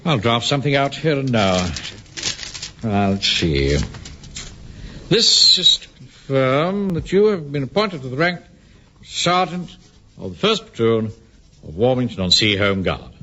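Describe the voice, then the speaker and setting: A man's voice: medium pitch, big pitch swings, a little slow, pauses often, sharp tone, exaggerated voice. A man playing a pompous, self-important middle-aged bank manager who also leads a platoon, blustering in a radio sitcom. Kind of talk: 1970s radio sitcom acting. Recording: hissy, dull old radio recording.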